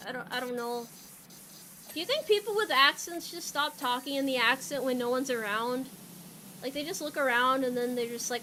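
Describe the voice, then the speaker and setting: A woman's voice: high-pitched, animated, normal speed, sharp tone, slight background noise. A young woman streamer chatting casually with her viewers while she plays, rambling and joking and laughing often.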